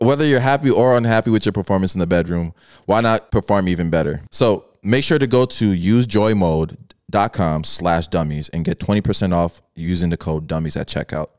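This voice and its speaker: A man's voice: sits low, a little fast, darkish tone, no room sound, clean studio sound. A man co-hosting a comedy podcast, reading an ad and chatting with callers while laughing. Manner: laid-back, laughing. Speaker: podcast co-host. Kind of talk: casual comedic chat and ad read.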